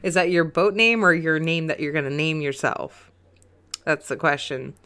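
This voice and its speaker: A woman's voice: sits low, steady tone, moderate pace, a bit bright. A young adult woman co-hosting a casual podcast, reading chat comments with giggles and lots of ums and likes. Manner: giggly, rambling, many "um"s and "like"s.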